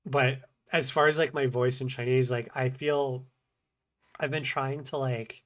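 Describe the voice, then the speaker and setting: A language learner vlogger keeps a self-critical, casual video diary, using a mid-range, fairly bright voice with fairly even intonation. He mumbles, alternates fast talk with slow, paused phrases, and haltingly repeats short practice phrases.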